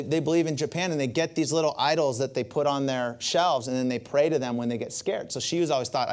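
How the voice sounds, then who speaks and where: A male pastor preaches a sermon built around a personal story, speaking in a chatty way and regularly pausing for asides to the congregation. His voice is a little high.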